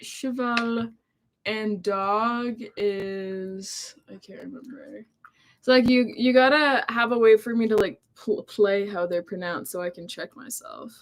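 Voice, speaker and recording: Playful woman reading chat, slow-talking. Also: medium pitch. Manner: playful, reads chat comments aloud, giggly. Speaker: co-host reading live chat. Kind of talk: casual live-stream chat. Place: at home.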